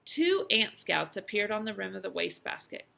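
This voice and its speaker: A woman teacher reads a chapter book aloud, her pitch rising and falling expressively. Her bright, forceful tone carries a gravelly rasp. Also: moderate pace. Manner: expressive storytelling with lively emphasis. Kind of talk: reading a children's novel aloud.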